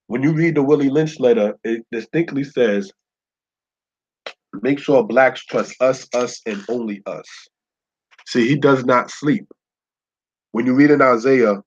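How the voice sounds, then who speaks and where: A husky man teaches scripture like a preacher, his voice sitting at an ordinary middle pitch. He keeps checking in with his listeners and slows down to spell out Hebrew words. The recording is muffled and lo-fi. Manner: preacherly, keeps asking "You understand?". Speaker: Torah teacher. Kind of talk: Bible lesson.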